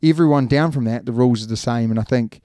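A man's voice: mid-range voice, fast talker, mellow, no echo. A man with a New Zealand accent, co-hosting a podcast in casual chat, rambling and laughing easily. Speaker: podcast co-host.

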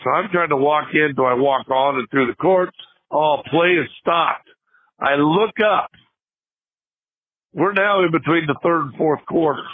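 A man's voice: on the high side, a little slow, slightly rough. An older man, a guest on a podcast, telling a funny story in casual chat, with lots of restarts and laughter. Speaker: podcast guest, former basketball player. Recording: tinny phone-line sound.

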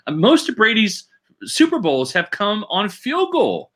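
Bright, animated sports podcast host. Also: male voice, high-pitched, a little slow, creaky. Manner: animated, emphatic, seeks agreement with "right?". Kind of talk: casual sports podcast chat.

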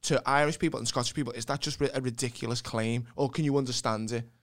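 Male podcast host, relaxed, chuckling, mid-pitched voice. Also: quick pace. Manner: laid-back, laughs easily, asks playful questions. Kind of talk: casual chat.

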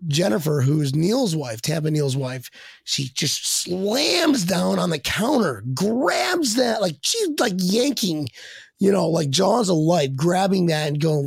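A man's voice: a little high, very animated, unhurried, vocal fry, breathy edge, dry recording, studio quality. A man chatting as a guest on a fan podcast, rambling, swearing and laughing as he tells stories. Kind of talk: casual podcast chat.

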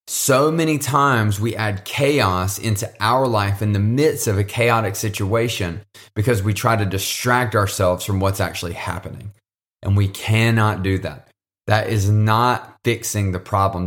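Earnest, low-voiced male pastor preaching. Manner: earnest, direct, speaks to listeners as "you". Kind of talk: sermon with closing prayer.

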